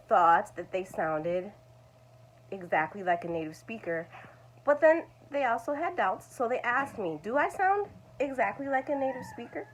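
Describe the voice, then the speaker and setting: A woman's voice: medium pitch, poor audio. A woman language teacher talking to her viewers in a conversational way and putting questions to them. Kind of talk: explaining to camera.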